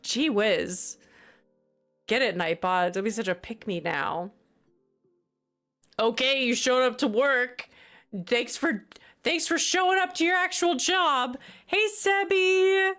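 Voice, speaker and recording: A woman's voice: a little high, measured pace, pushed and bright, faint music behind. A woman streamer chatting casually on a livestream, flustered, exasperated and apologetic.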